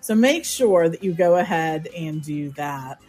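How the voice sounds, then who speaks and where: A woman co-hosting a podcast, giving practical travel advice in a steady way with frequent ums. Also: low-pitched, measured pace, faint music behind.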